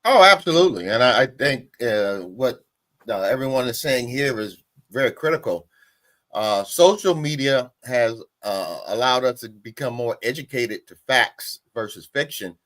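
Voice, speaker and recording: A man on a political roundtable, speaking in a deliberate, emphatic way. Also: mid-range voice, expressive, a bit bright. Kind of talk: political discussion.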